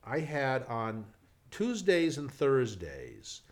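An older man spinning anecdotes in casual conversation. He is animated and often restarts with repeated words as he builds toward a punchline. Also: mid-range voice, takes it slowly. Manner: animated, repeats words when starting sentences. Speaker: guest storyteller. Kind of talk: casual chat, telling anecdotes.

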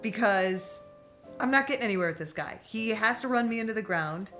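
A middle-aged woman telling a long, animated anecdote on a talk show. She laughs often and acts out the voices of the people in her story. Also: medium pitch, a little fast, faint music behind.

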